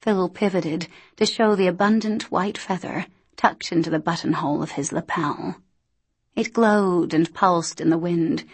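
A woman reads a novel aloud in a steady, deliberate way. Her voice is fairly low and breathy, and she takes her time. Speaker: audiobook narrator. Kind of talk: scripted narration.

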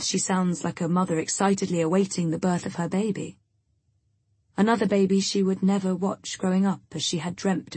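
A woman's voice: lowish voice, darkish tone, breathy edge, dry recording. A woman giving reflective first-person audiobook narration. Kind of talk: scripted narration.

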